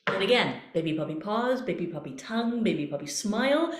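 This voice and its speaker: A woman's voice: medium pitch, lively intonation, fairly quick, reverberant. A woman voice coach leading a workshop, guiding breathing exercises with playful images and encouragement. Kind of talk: online voice workshop.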